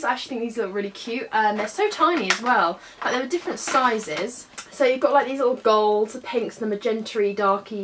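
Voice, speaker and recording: Young British woman, vlogger, a touch high-pitched; chatty, gushing haul delivery full of fillers. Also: a little hiss or hum. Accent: British English. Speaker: beauty vlogger. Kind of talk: casual try-on haul chat.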